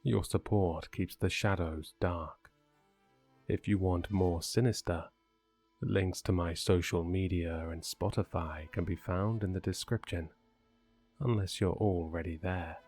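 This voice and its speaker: A man with a fairly low voice reads a horror story in a slow, measured way, taking his time over every line. Faint music plays softly behind him. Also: steady tone. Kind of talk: scripted horror narration.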